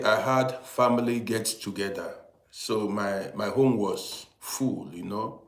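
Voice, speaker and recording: An older man hosting a casual morning live stream, chatting and greeting viewers, often pausing and restarting. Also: fairly low pitch, echoey room, slight background noise.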